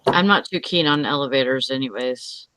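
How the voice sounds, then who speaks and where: A woman making hesitant, halting remarks in casual chat. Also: rumbling low, noisy background.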